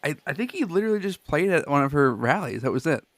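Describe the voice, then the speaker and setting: A man's voice: a little high, big pitch swings, fast, no room sound. Laid-back man with a dry close sound. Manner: laid-back, lots of "like" fillers, laughs easily. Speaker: podcast co-host. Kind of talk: casual chat.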